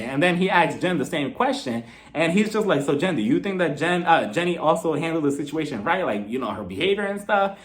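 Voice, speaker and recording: A man with a somewhat high voice talks through a reality show reunion in a loose, gossipy way. He slips into dramatic quotes for the cast and piles on casual fillers as he weighs in. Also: big pitch swings, brisk, hardly any pauses. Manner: chatty and gossipy, acts out others' lines with dramatic quotes. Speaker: reality TV reviewer. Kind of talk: casual recap vlog.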